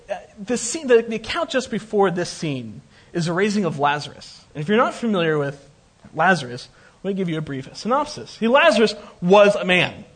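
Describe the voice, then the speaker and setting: A man's voice: on the high side, slightly rough. A man preaching a conversational sermon, retelling a scripture story with joking asides.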